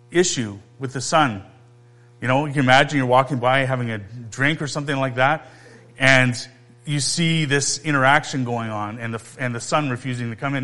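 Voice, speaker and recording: A man's voice: medium pitch, a bit bright. Man preaching a conversational sermon. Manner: conversational preaching, emphatic with pauses and questions to the audience. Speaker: pastor.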